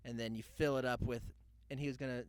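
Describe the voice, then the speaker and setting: A man's voice: medium pitch, steady tone, fast talker, slight background noise. A young man hosting a podcast, telling a loose comic story full of asides and mock quotes. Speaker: podcast host. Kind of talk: rambling comedic monologue.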